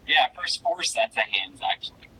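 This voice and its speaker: A woman's voice: a bass voice, lively intonation, normal speed, bright, forceful tone, slight background noise, rough recording. A woman hosting a casual interview, emotional and jokey, with theatrical outbursts. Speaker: podcast host.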